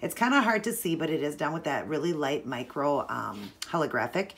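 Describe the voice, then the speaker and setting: A woman talking through a nail art tutorial in a chatty, relaxed way, explaining each step as she works. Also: deep voice, a little fast, creaky.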